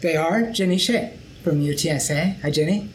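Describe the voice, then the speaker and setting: A man hosting an academic panel podcast, speaking in a measured, thoughtful way with occasional fillers. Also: on the high side, a little hiss or hum, low-quality recording. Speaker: podcast host.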